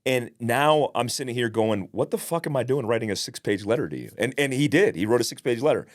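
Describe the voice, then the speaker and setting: A man's voice: medium pitch, lively intonation, quick pace. A man co-hosting a podcast, telling stories in a blunt, profane, casual way. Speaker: podcast co-host.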